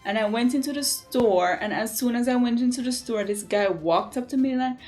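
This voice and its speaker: A young woman from Jamaica with a Jamaican accent, chatting casually to camera in an animated way and laughing often. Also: a little high, fairly quick, hardly any pauses, soft background music. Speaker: vlogger.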